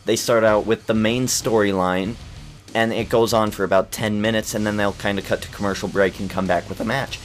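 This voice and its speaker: A man giving casual, rambling gameplay commentary at home, keeping his voice down at night, full of fillers and restarts. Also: lowish voice. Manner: kept quiet at night. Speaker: video game commentator.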